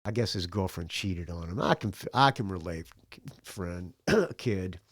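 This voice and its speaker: A man with a low voice and lively intonation hosts a music podcast, reading music news at a measured pace. He chats in a loose, rambling, laid-back way while sipping beer, and the recording is dry and studio quality.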